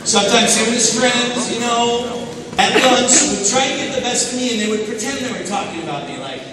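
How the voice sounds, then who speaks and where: A man telling animated stories to a school audience, acting out voices and shouting now and then. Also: very high voice, brisk, heavy background noise. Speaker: school assembly speaker. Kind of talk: motivational storytelling to students. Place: school auditorium. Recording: echoey hall, recorded from far off.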